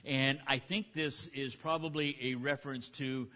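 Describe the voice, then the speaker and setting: A man's voice: mid-range voice, fairly even intonation, measured pace, sharp tone. Casual conversational male preacher. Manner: conversational, paraphrases scripture in casual speech. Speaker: pastor. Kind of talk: sermon.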